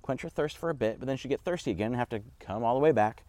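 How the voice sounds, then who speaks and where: A man giving a casual, conversational Bible teaching with animated asides. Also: medium pitch, very fast, dry recording.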